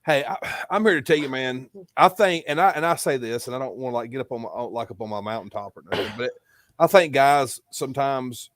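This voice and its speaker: A man hosting a casual podcast interview, relaxed and rambling, who laughs and curses freely. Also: medium pitch, a little fast, no room sound. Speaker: podcast host.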